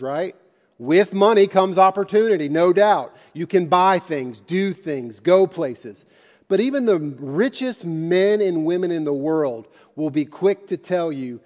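A man's voice: on the high side, a little mellow. A man preaching a sermon as a pastor, with impassioned emphasis and conversational asides, in a church sanctuary. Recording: long hall reverb.

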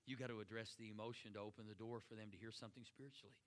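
A middle-aged pastor speaking in an earnest, conversational sermon style, often easing into soft, slow words and prayer. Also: male voice, fairly low pitch, fairly even intonation.

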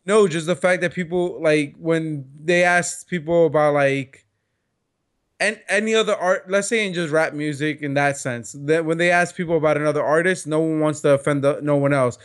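A man chats casually as a podcast co-host, his voice sitting a bit high. He rambles through his points, filling gaps with "like" and dropping the odd curse. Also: fairly even intonation, moderate pace. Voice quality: loose, rambling speech full of fillers and profanity. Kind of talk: casual chat.

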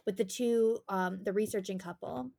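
A woman's voice: medium pitch, fairly even intonation, normal speed, creaky, mellow. A young woman co-hosting a podcast, talking casually and rambling, with lots of "like" and swearing as she acts out quotes. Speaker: podcast co-host. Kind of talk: casual chat.

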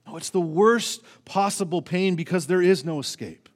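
A male pastor preaching a sermon in earnest, asking the congregation rhetorical questions and swinging between raised emphasis and hushed, low passages. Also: normal speed, few pauses. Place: church sanctuary. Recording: church sermon with long hall reverb.

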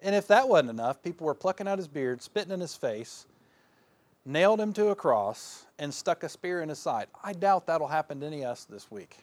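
Man, pastor, folksy self-mocking sermon delivery, slightly high voice, dry close sound. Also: very animated, a little fast, dry recording. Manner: folksy, self-deprecating, laughs often; swings between loud bursts and quiet asides.

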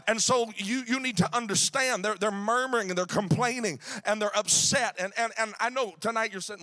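High, bright-voiced preacher man shouting. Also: brisk, hardly any pauses. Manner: shouting, sing-song preaching cadence with "uh" fillers. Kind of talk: sermon.

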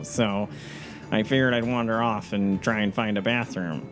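A man's voice: lowish voice, steady tone, a little fast, faint music behind. A man playing a tabletop game, answering in an offhand, joking way. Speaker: player. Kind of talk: casual tabletop play.

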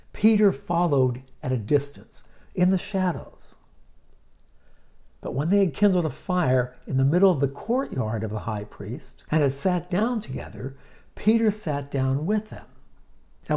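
A man teaching on a podcast, retelling a Bible story dramatically, swinging from loud stresses to hushed asides. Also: fairly high pitch.

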